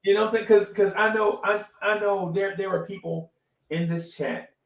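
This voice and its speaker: Animated middle-aged man, echoey room. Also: sits high, moderate pace, creaky. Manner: animated storytelling, repeats phrases, says "right?" often. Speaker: podcast co-host. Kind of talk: casual live-stream talk.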